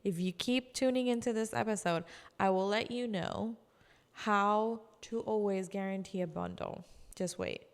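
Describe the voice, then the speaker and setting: A woman giving casual sales training, chatty, acting out customer calls in quick voices. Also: mid-range voice, long reverb tail. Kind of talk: casual instructional talk.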